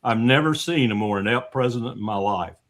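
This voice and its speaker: A man's voice: mid-range voice, brisk, fairly bright tone. An older man, a former military staffer, talking bluntly and scornfully as a guest in a political discussion. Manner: blunt and scornful, mocking with put-on voices.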